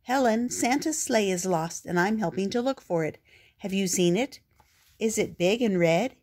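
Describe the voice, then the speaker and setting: A woman voicing an excitable young male puppy in a storybook, with an eager, bouncy, raised voice. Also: medium pitch, moderate pace, voice pushed up, natural voice.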